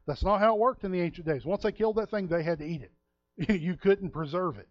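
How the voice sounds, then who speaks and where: A man's voice: high voice, quick pace, no echo. A man preaching a sermon in a folksy, storytelling way, acting out the people in the story. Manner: folksy, storytelling, acts out quotes. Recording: dull, dry lo-fi sound.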